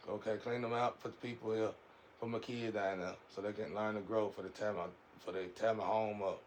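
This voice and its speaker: Guy w a lowish voice rambling preachy spiritual stuff, repeats himself a lot, faint noise in the back. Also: fairly even intonation, brisk, poor audio. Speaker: speaker giving a monologue. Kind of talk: casual spiritual monologue.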